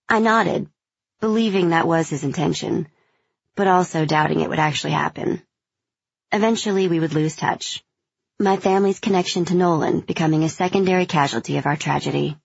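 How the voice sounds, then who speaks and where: Husky, gravelly woman reading an audiobook. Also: low-pitched, moderate pace, no room sound, dull audio. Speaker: audiobook narrator. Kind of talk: first-person audiobook narration.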